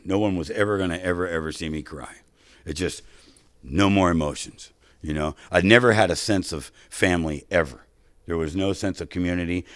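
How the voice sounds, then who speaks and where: A middle-aged man telling his life story to a recovery meeting, animated and drawing the listeners in with quick "right?" asides. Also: low voice, no room sound. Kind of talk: personal recovery story to an audience.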